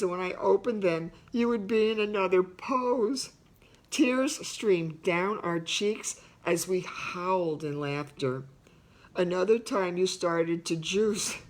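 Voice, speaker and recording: An older woman reading aloud from her memoir and talking it over, reminiscing and breaking into laughter as she goes. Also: mid-range voice. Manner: slow, unhurried delivery. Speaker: author reading and discussing her book. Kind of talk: book reading mixed with personal talk.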